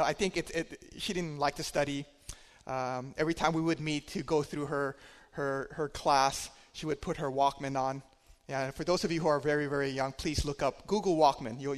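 A man preaching a sermon, telling a personal story in a conversational way, swinging between loud and quiet. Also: on the high side, big-room sound.

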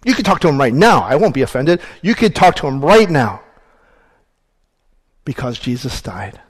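A man's voice: mid-range voice, very animated, moderate pace, husky, in a large hall. A man preaching a sermon as pastor, earnest and emphatic, reading scripture aloud.

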